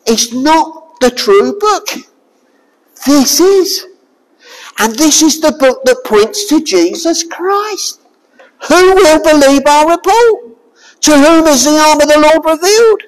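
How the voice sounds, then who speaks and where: A high, lively voice preaches a sermon at an unhurried pace. The delivery is forceful and full of rhetorical questions, now and then rising to a shout. The sound rings with the long reverb of a large hall. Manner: emphatic, fires rhetorical questions at listeners; forceful, raises voice to a shout at times.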